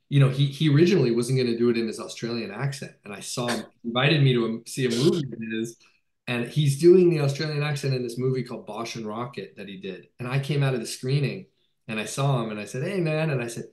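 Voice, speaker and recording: Enthusiastic director, roomy echo. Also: male voice, medium pitch, a little mellow. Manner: enthusiastic, rambling with many fillers and restarts. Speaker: film director. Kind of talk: casual video-call interview.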